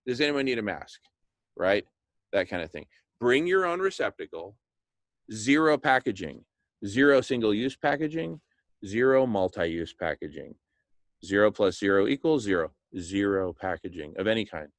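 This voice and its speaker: A man talking with enthusiasm, pitching a plan and acting out little scenes, with "right?" thrown in often. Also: expressive, moderate pace, dry recording. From Hispanic background, speaks Spanish. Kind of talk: animated monologue.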